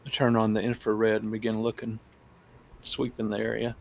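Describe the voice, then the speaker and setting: A man's voice: on the low side, completely flat delivery, moderate pace, gravelly, a little hiss or hum. A man playing a tabletop game, speaking in character in a terse, matter-of-fact way. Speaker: player.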